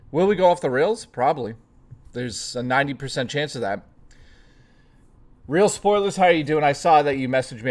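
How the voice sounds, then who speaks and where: A livestream host with a slightly bright, fairly high voice runs a casual chat stream. He rambles and jokes, swearing plenty and greeting chat readers by name.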